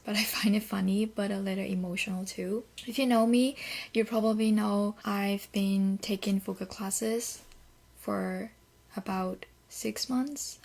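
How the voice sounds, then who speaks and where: A young woman from Korea with a Korean accent, talking candidly in a soft, half-whispered way on her English-learning podcast, with small grammar slips. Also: medium pitch, vocal fry. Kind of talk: casual personal monologue.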